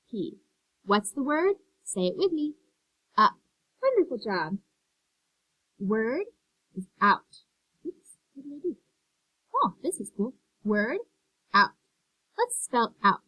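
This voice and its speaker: A woman's voice: on the high side, dry recording, rough recording. A woman teaching first graders an online phonics lesson, spelling words letter by letter and praising them.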